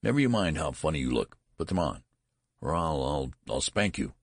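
A man voicing a flustered, middle-aged father who talks nervously and gruffly, with stammers. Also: a bass voice, big pitch swings, normal speed, no room sound, clean studio sound, heavily acted. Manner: nervous, stammering, then harsh.

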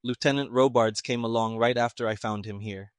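Man doing a muttering older major, low and quiet, dry close sound. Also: fairly even intonation, a little fast, dry recording, lightly acted. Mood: quiet, grim. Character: older thick-set male army major, quiet. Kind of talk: audiobook reading.

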